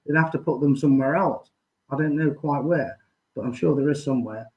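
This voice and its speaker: A man's voice: mid-range voice, a little fast, a little mellow, rough recording. A man with a Midlands English accent, a guest in a live chat, rambling through anecdotes.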